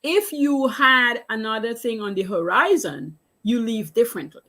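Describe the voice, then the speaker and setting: A woman's voice: a little high, lively intonation, normal speed, pushed and bright. A woman business coach giving a motivational talk, telling stories in earnest, emphatic, repetitive phrases.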